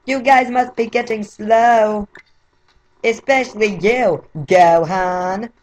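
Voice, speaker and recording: A man voicing a cocky, taunting fused boy fighter in a high, bratty voice while reading game dialogue. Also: slow, highs cut off. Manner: bratty, teasing, high-pitched.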